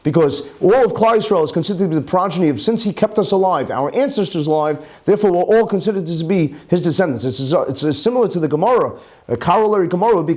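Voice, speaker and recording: Man, rabbi, Talmud class, raised pitch, explains terms twice, Hebrew phrases mixed in. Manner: lively, rhetorical questions.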